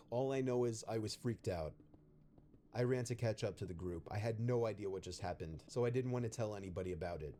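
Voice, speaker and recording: A man narrates a scripted first-person horror story in a steady, even way. His voice sits low and sounds dark and mellow. A faint hiss runs underneath.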